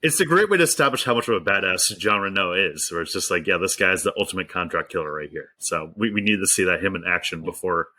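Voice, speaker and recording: Fast-talking podcast guy, bright edgy voice, super agreeable. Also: sits low, lively intonation. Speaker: podcast co-host. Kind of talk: casual film discussion.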